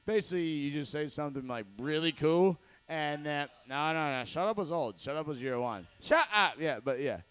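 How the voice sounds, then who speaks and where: A man's voice: a little high, animated, moderate pace, few pauses, a bit bright, clear, resonant tone. Rambling, profane man hosting a comedy show. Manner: rambling, profane, laughing at his own jokes. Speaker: show host. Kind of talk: loose stand-up banter on stage.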